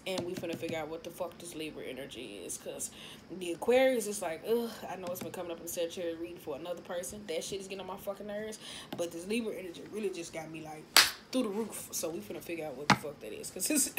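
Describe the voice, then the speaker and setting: Profane, irritated woman reading tarot. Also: lowish voice. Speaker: tarot reader. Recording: noisy home recording.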